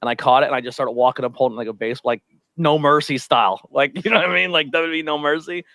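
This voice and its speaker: A man's voice: fairly high pitch, quick pace, vocal fry, dry recording. A man co-hosting a wrestling podcast, chatting casually and acting out the people in his stories. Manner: animated storyteller, acts out quotes. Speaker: podcast co-host. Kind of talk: casual chat watching wrestling.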